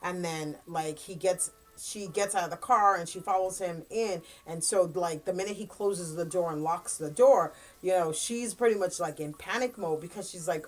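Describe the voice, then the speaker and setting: A woman chatting casually as a book reviewer, retelling a plot in a rambling way with lots of fillers and quick quoted lines. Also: fairly low pitch.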